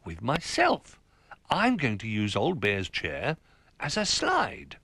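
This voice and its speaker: A man voicing an eager, playful male toy rabbit with a bouncy, excitable manner. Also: mid-range voice, takes it slowly, gravelly, slightly rough, no room sound, heavily acted.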